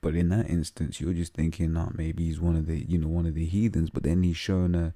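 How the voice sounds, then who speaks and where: A man's voice: sits low, level tone, fairly quick, warm tone, no room sound. A man with a London accent reading Bible verses aloud and explaining them in casual, slang-heavy talk full of fillers. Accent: London English. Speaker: religious teacher.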